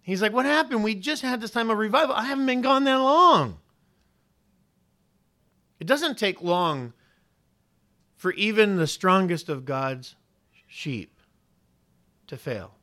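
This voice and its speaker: A man's voice: high voice, lively intonation, unhurried, pauses often, pushed and bright. A male pastor preaching a sermon, putting questions straight to the congregation and leaning hard on key words. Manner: preaching with rising emphasis and direct questions to the congregation.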